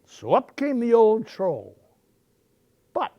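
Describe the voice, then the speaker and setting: A man reads picture books aloud at storytime, his voice rising and falling with animated expression. He takes his time, with a gravelly texture in a close, dry recording. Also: high-pitched, a little slow, no room sound, muffled recording. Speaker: storytime reader.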